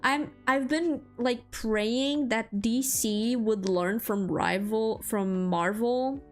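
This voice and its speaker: A woman VTuber streamer chatting casually about games and comics, rambling and animated, with lots of fillers and laughter. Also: a little high, slow pace, soft background music. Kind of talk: casual chat.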